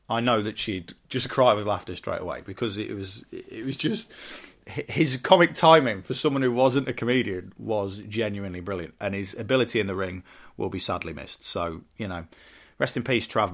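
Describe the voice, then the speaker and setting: A man hosting a casual solo podcast, heartfelt and rambling with restarts, bursting into excitement now and then. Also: on the low side, moderate pace. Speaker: podcast host and wrestling promoter.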